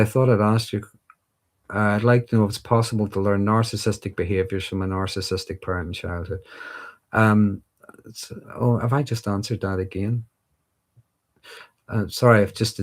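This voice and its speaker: A middle-aged man with a Northern Irish accent, hosting a casual livestream and answering viewer questions in a thoughtful, rambling way with frequent ums. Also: deep voice. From Northern Ireland.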